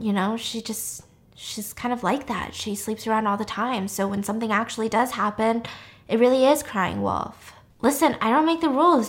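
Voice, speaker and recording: A woman voicing a careless young mother who gushes high and fast, then turns defensive and pleading. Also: fairly bright tone. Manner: high gushing chatter, turning flustered and pleading. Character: bubbly tipsy young mom, careless and defensive.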